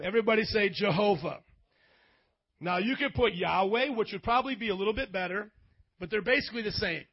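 A man preaching a sermon, calling on the congregation to answer him and building up to shouts. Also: high voice, vocal fry, breathy edge, highs cut off. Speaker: pastor.

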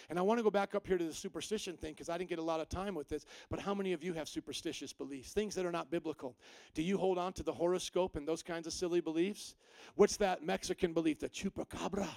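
A man preaching a sermon, animated and full of rhetorical questions to the congregation. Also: high voice, vocal fry, no room sound. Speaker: pastor.

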